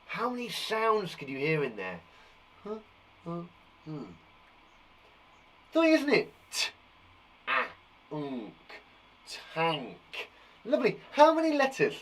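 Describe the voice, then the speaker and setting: A man teaching young children a live phonics lesson, encouraging them warmly and sounding out letters slowly. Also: high-pitched, poor audio. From England. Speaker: primary school teacher.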